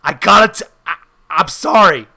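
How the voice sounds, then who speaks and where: A man's voice: high voice, expressive, normal speed, creaky, sharp tone, full character voice. A man voicing a terrified male henchman who stammers and begs desperately. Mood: panicked pleading. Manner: panicked, begging and stammering.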